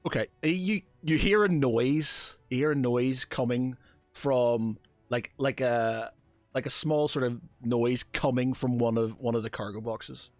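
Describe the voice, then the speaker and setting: A man's voice: mid-range voice, unhurried, dry recording, faint music behind. A man narrating a tabletop game as game master, hesitant and filling his talk with "sort of kinda".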